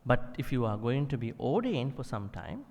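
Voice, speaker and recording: Male monk, mid-pitched, patient classroom explainer, long hall reverb. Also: sing-song, normal speed, darkish tone. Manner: explains patiently, fillers, demonstrates chanting. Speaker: Buddhist monk teaching Pali. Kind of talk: classroom teaching.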